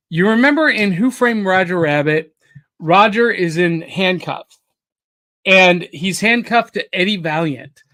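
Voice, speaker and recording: Slow-talking man on a podcast. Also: sits high, pushed and bright. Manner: measured, storytelling. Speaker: podcast host. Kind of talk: casual chat.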